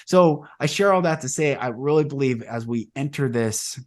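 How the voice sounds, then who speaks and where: A man hosting a podcast and sharing his spiritual visions in loose, rambling conversation. He speaks at an everyday, middle pitch and grows more animated as he retells old stories. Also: normal speed. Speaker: podcast host.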